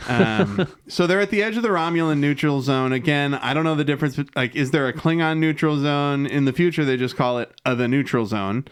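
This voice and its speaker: A man co-hosting a podcast, recapping an episode in casual chat, rambling and swearing freely, dropping into quick voices for the characters. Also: on the high side, smooth. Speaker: podcast co-host.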